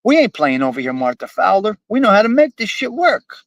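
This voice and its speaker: A man's voice: high voice, very animated, brisk, a bit bright, dry recording. A man hosting a live stream from his apartment, swaggering and profane, repeating lines for emphasis. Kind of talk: brash casual live-stream chat.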